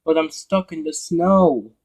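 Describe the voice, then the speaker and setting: A man's voice: unhurried, darkish tone. A man voicing a worried female engine in a homemade toy-train story. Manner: high, worried voice. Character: panicked female tank engine stuck in snow.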